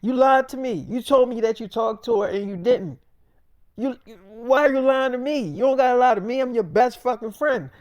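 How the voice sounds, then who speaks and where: Man playing a swearing, pushy best buddy, high and forceful. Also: expressive, moderate pace, no room sound, highs cut off. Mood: accusing. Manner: profane, confrontational, keeps pressing. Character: heated, loud-mouthed male best friend.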